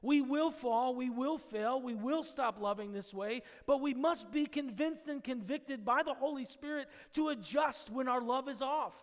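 A male pastor preaching an earnest sermon, swinging between loud and hushed and acting out the voices he quotes. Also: extremely high pitch, moderate pace, hardly any pauses. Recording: long reverb of a large hall.

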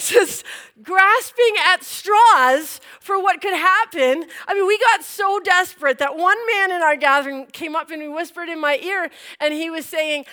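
A woman preaches a testimony with a high, sharp voice. She tells it in an animated way, acting out each scene and laughing between lines. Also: normal speed. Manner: animated storytelling, acts out scenes. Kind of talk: testimony sermon.

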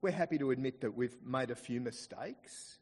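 An Australian man preaching a sermon in church, slowing down to dwell on quoted scripture. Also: medium pitch, slightly rough, long reverb tail. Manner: expressive preaching, slows down to stress quoted scripture. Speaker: pastor.

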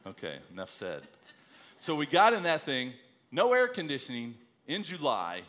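Earnest bright-voiced male preacher. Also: mid-range voice. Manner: earnest storytelling, rising to emphatic exhortation. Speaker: missionary preacher. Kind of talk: sermon with personal story.

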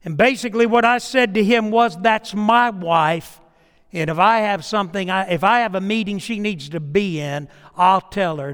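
High-voiced preacher man in a reverberant sanctuary. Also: normal speed, fairly bright tone, smooth. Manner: storytelling preacher, acting out quoted dialogue. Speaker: pastor. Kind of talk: sermon.

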